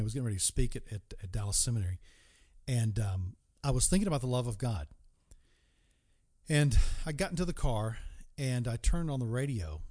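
A man preaching a Bible sermon in an earnest tone. He puts direct questions to the listener and slowly stretches key words for emphasis. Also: mid-range voice, warm tone.

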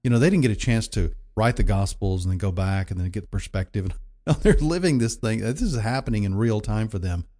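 A man's voice: fairly low pitch, lively intonation, fairly quick, dark tone. A man preaching a sermon in a conversational, emphatic way, often repeating himself for effect. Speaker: pastor.

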